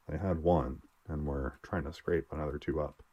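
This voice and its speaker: A man reading aloud and voicing a self-assured elderly doctor who talks in a measured, lecturing way. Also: rumbling low, steady tone, dark tone, breathy edge, lo-fi sound. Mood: brisk.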